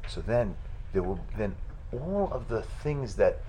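Man, rabbi's storytelling sermon, deep-ish voice, halting restarts. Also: big pitch swings, a little hiss or hum, poor audio. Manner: halting retelling with restarts, rising to loud fervent chanting at the end.

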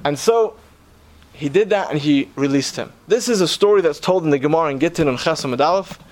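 His fairly high, slightly mellow voice moves briskly as he preaches, sharing a story with sincerity and asking his listeners rhetorical questions.

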